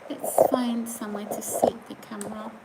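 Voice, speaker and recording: A woman's voice: fairly high pitch, flat delivery, normal speed, very noisy. A woman chatting casually on a live stream, reading viewer comments aloud and often breaking into giggles. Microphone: phone or camera set on a surface.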